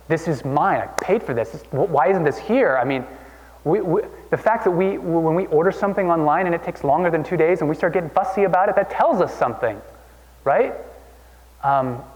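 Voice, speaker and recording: A male pastor from Oregon preaching a sermon in a conversational way, often repeating himself and restarting with fillers. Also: medium pitch. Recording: dull sound with long hall reverb.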